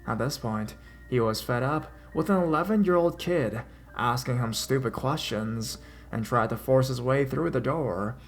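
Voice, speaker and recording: A man reads out a horror story in a dramatic way, his voice rising and getting louder as the tension builds. His pitch is ordinary, neither high nor low. Soft background music plays beneath the narration. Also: normal speed. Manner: dramatic reading, pitch and loudness swelling in tense parts. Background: faint music.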